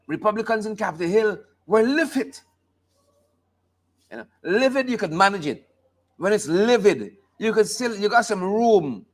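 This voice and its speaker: A man hosting a live talk show, joking and commenting on the news in a playful, casual way. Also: high-pitched. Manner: joking, playful, sings snippets and laughs often.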